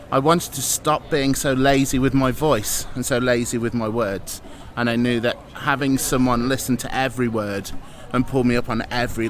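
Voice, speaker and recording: A man from England, an improviser and presenter, earnestly answering interview questions outdoors in a town. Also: mid-range voice.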